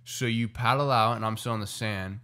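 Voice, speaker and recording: A young man co-hosting a casual podcast, telling a story with animated energy and acting out the lines people said. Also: lowish voice, fairly quick. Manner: animated storyteller who acts out quoted lines. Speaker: podcast co-host. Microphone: podcast microphone.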